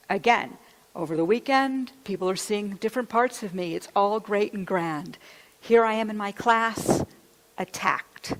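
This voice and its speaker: A woman minister gives a sermon, telling a candid, confessional personal story and quoting her own thoughts aloud. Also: mid-range voice. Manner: candid, confessional storytelling with quoted self-talk. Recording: long hall reverb.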